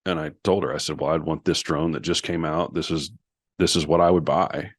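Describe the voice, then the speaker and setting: A man's voice: very deep voice, fairly even intonation, a little fast, no echo. A man as a podcast guest, earnestly retelling an emotional story with many restarts and quoted dialogue.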